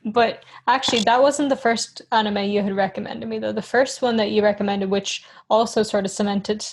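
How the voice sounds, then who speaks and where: A woman's voice: mid-range voice, steady tone, normal speed. Giggly, rambling woman for a casual chat podcast, middle voice. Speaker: podcast co-host.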